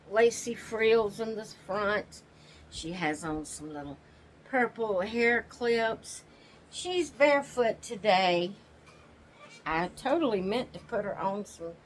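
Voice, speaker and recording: A woman talks at an unhurried, drawling pace while she rocks in her chair at home. Her pitch sits in the middle, and her chat is homey and rambling, with frequent restarts and the odd yawn. A faint hiss runs beneath the recording. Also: low-quality recording. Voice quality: slow, drawling, yawns often. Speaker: channel host. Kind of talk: casual chat. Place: home, sitting in a rocking chair.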